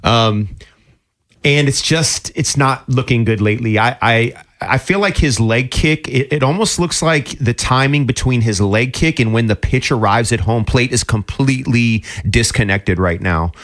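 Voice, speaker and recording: A man's voice: mid-range voice, normal speed, fairly bright tone. A man co-hosting a sports radio show, talking loosely with many fillers and asides. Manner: loose and chatty, many "um"s and "you know what I mean"s.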